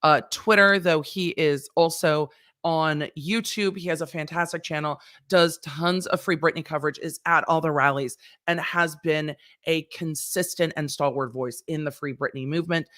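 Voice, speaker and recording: A woman's voice: sits low, fairly even intonation, moderate pace, a bit bright. A woman lawyer hosting a casual livestream, chatty and rambling, swearing and laughing as she talks.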